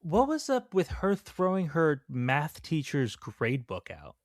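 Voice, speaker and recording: A man's voice: on the high side, huge pitch swings, slow pace, no echo. Dry-sounding man, joking movie chat. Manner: enthusiastic, joking recaps of favorite scenes. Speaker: podcast co-host. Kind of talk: casual film-review chat.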